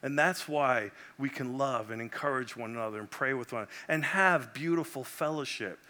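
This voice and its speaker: A middle-aged man from Puerto Rico preaching a sermon as a visiting pastor, passionate and swinging between loud exclamations and hushed prayer. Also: mid-range voice, fairly quick.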